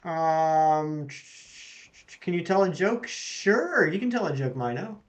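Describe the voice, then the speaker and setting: A fairly high-pitched man hosts his own live game stream in an easygoing way. He chats casually and reads his viewers' messages aloud, answering them as he goes. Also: expressive, slow. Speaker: streamer host.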